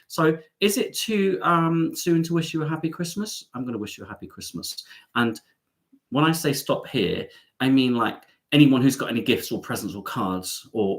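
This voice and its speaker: A man's voice: medium pitch, a bit bright. A man hosting a chatty live stream from home, playful and camp, teasing his audience.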